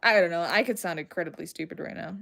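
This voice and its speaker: A woman's voice: on the low side, fast talker, vocal fry, sharp tone. A young woman with a Southern American accent, casually rambling and giggling as she chats with her livestream viewers. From Southern United States. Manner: rambling, giggly, self-deprecating. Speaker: streamer. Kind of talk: casual livestream chat, answering chat.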